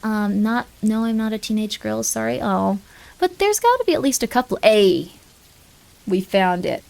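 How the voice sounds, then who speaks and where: A woman streamer chats loosely and jokes around, rambling and breaking off her own sentences. Her voice has a gravelly, fry-heavy texture and sits a little high. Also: expressive, moderate pace, a little mellow. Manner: rambling, joking, self-interrupting. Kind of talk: casual live-stream chat.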